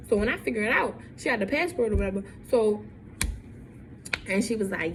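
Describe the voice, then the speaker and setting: A woman's voice: fairly high pitch, a little fast, slight background noise. A young woman telling a story in a vlog, repeating lines and acting out what people said. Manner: animated, repeats lines, acts out quotes. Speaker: vlogger.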